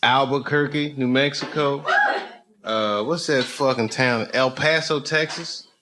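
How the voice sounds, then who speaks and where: A man's voice: medium pitch, a little slow. Riffing comedian man in a noisy club. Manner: chatty, teasing, riffing with the crowd. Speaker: stand-up comedian. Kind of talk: loose stand-up with crowd work. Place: comedy club, audience laughing.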